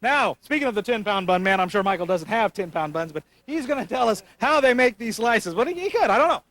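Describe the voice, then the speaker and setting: A man's voice: high-pitched, expressive, a little fast, a bit bright, dry recording. A man reporting playfully from outdoors at a county fair, cracking jokes as he interviews people on a handheld mic. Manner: playful, wisecracking. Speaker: roving TV reporter. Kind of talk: jokey on-location fair reporting.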